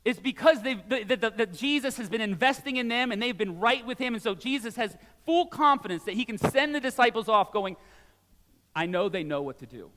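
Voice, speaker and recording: Male pastor, 40s, high voice, chatty animated sermon in a reverberant hall. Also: fairly quick, few pauses. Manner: animated, conversational preaching with asides.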